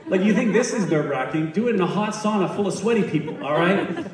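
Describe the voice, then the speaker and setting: A man with a fairly high voice gives an earnest inspirational stage talk, swelling to emphatic peaks. He sounds distant, picked up from the audience in a big, very echoey hall. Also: animated, fast. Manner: earnest, building to emphatic peaks and soft endings. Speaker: TEDx speaker. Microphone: recorded from the audience on a phone.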